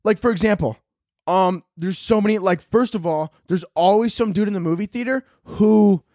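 A young man hosting a casual solo podcast, ranting in an animated, sarcastic way and swearing often. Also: high voice, moderate pace, dry recording, studio quality. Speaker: podcast host.

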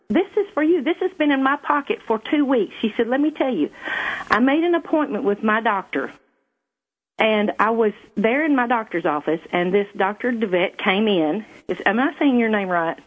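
A woman's voice: mid-range voice, breathy edge. An older woman calling into a show, telling a personal story in an earnest, emotional way and often repeating herself. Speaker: caller. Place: calling in by phone. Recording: muffled phone line.

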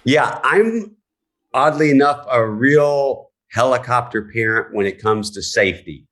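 Relaxed, hesitant male podcast guest. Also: mid-range voice, unhurried. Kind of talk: casual interview chat.

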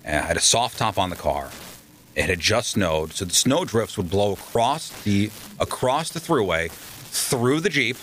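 A man's voice: fairly low pitch, measured pace, a little hiss or hum, low-quality recording. A man telling a long story in a casual interview, acting out the people he quotes. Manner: animated storyteller, acts out quoted voices. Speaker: radio host guest.

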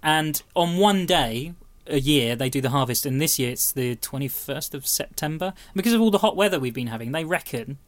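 A man's voice: on the high side, expressive, brisk, dry recording. A man telling a chatty, enthusiastic story about a trip in a casual studio chat. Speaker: podcast contributor.

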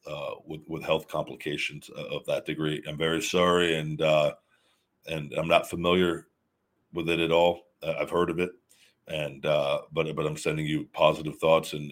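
A man hosting a live show, talking casually and emphatically with many restarts while reading viewer messages. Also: extremely low pitch. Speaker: host reading super chats. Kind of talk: live-stream casual talk.

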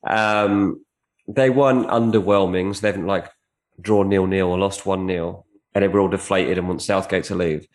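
A man's voice: low-pitched, steady tone, moderate pace. A man from England co-hosting a football podcast, full of teasing and gloating banter. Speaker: podcast co-host, transfer pundit. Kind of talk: casual football podcast chat.

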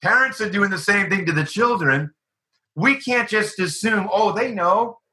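Male author guest; keen, piercing voice on the higher side; lively anecdotes. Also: normal speed, rough recording. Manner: animated, acts out quoted voices. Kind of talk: conversational storytelling.

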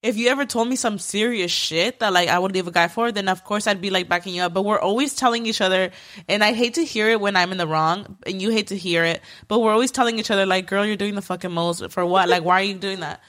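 A young woman co-hosts a podcast and tells a story in casual chat. Her medium-pitched voice comes quickly, and her animated telling is packed with fillers and free cursing.

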